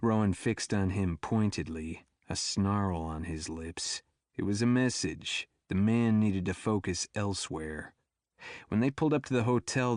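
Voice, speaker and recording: A male audiobook narrator with a low, darkish voice delivers scripted narration in clean studio sound with no echo.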